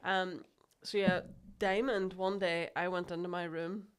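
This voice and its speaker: A woman's voice: fairly low pitch, fairly even intonation, smooth. A Northern Irish woman, a comedian co-hosting a podcast, teasing dryly in casual chat. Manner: dry, quick-witted teasing.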